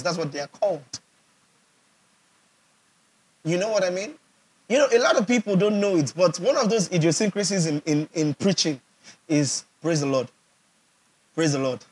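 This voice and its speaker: A Nigerian pastor preaching a sermon, emphatic and repetitive, often checking whether his audience understands. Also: high-pitched. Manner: emphatic, repeats phrases for effect, asks the audience questions.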